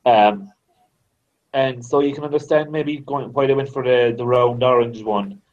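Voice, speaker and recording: A man who is a guest on a casual podcast, relaxed and a little hesitant, agreeing easily. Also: medium pitch, normal speed, muffled recording.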